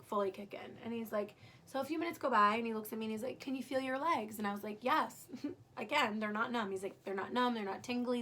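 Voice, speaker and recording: A woman's voice: a little high, a bit bright, a little hiss or hum. A young woman candidly recounting her birth story in casual, emotional storytelling, swearing freely.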